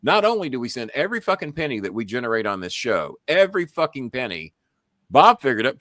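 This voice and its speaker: A middle-aged man hosts a casual live show, telling blunt stories packed with swearing. His medium-pitched voice swoops wildly and has a sharp tone, and he speaks fast. The recording is dry, with clean studio sound.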